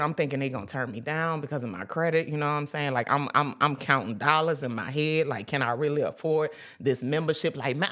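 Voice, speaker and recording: A woman with a low voice hosts a casual spiritual talk for her viewers. Her pitch swings widely as she talks, emphatic, chatty and profane. She breaks into loud whoops. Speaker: host.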